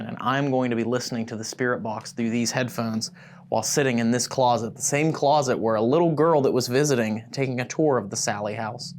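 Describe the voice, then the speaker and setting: A man hosting a paranormal investigation, narrating and calling out slow, pointed questions to spirits inside an old house at night. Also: mid-range voice, slight background noise. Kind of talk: ghost-hunting vlog narration and calling out.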